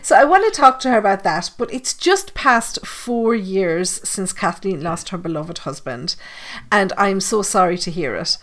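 A woman's voice: mid-range voice, expressive, normal speed, fairly bright tone. A woman with an Irish accent hosting a podcast interview in a chatty, jokey way, often laughing. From Ireland. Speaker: podcast host. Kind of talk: casual interview chat.

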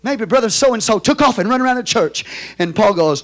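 High-voiced Texan pastor preaching loudly. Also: male voice, animated, a little fast. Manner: swings from low storytelling to loud shouted preaching. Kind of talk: sermon.

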